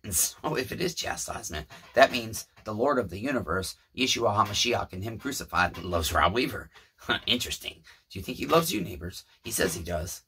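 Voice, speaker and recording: Husky Southern man rambling in his shed. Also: fairly low pitch, normal speed. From Tennessee, US. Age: 30s. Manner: profane, preachy, animated. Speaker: channel host. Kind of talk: rambling storytelling vlog. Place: small shed workshop.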